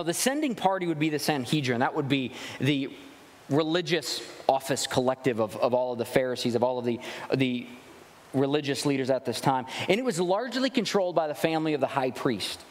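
A man preaching a sermon as a pastor, conversational and animated, acting out the questions he quotes. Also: a little high, big-room sound.

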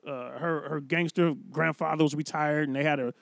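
A man's voice: fairly high pitch, fairly even intonation, fairly quick, vocal fry, no room sound, clean studio sound. A man telling stories about his start in stand-up comedy, casual and profane in podcast chat. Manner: profane, loose storytelling. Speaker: comedian guest.

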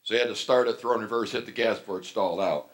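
A man's voice: fairly low pitch, rapid-fire. A middle-aged man preaching a sermon as pastor, telling stories animatedly and acting out the voices he quotes.

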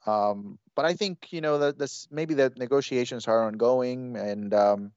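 A man co-hosting a sports podcast in casual chat, talking in a measured way with many restarts. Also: medium pitch, a little mellow, clean tone, dry recording. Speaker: podcast co-host. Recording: dry, dull lo-fi sound.

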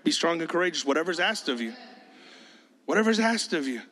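A man's voice: fairly high pitch, very animated, a little fast, a bit bright, big-room sound. A man preaching to his youth group in a casual, joking way, often mimicking teenagers' voices. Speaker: youth pastor. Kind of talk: sermon.

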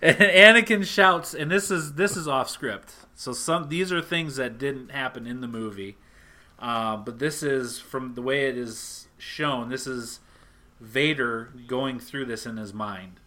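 A man casually retelling a comic book story to a friend, animated and acting out the lines. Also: mid-range voice, a little slow.

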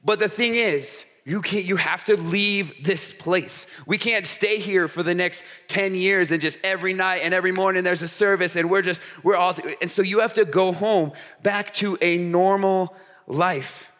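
A man preaching a youth sermon at a camp, telling stories in an animated way and checking in with the crowd with "okay?" and "all right?". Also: sits high, moderate pace. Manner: animated storytelling with frequent "okay?" asides. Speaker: camp speaker. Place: large hall with an audience. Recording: hall reverb.

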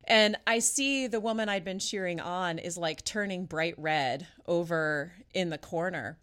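A woman pastor chats on a podcast, telling a story in a casual way. She is animated and laughs often, and her pitch swings widely as she goes. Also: unhurried.

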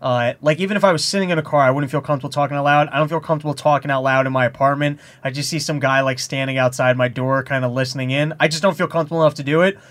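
A man, a comedian co-hosting a podcast, chatting casually and telling rambling, animated stories. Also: fairly high pitch, rapid-fire, hardly any pauses. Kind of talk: casual chat.

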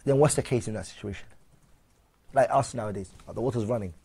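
Man teaching a religious class, dark husky voice, goes through points one at a time, keeps asking the room questions. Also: lowish voice, fast talker. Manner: explains point by point, asks the audience questions; switches between English and Arabic readings. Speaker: Islamic teacher. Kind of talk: religious lesson.

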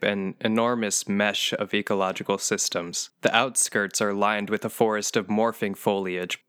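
A man reading a measured, descriptive mock public-radio narration in an audio comedy. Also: lowish voice, a bit bright, smooth, dry recording, clean studio sound. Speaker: comedy podcast cast member.

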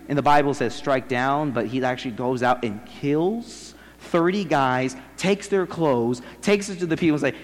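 A young man giving a casual, slangy sermon and acting out the quoted voices as he retells a story. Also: on the high side. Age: young adult. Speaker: seminary student preaching. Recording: long hall reverb.

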